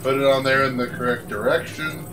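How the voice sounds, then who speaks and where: A man's voice: medium pitch, fairly even intonation, fairly quick. A man commenting on a let's play, teasing his friends and offering tips on the game. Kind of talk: casual gaming chat. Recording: game music in the background.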